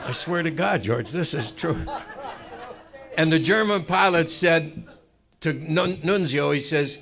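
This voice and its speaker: A male comedian at a roast, spinning a mock-sincere tall tale with deadpan asides. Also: fairly high pitch, moderate pace, gravelly. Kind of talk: stand-up storytelling at a roast. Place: club room with a live audience.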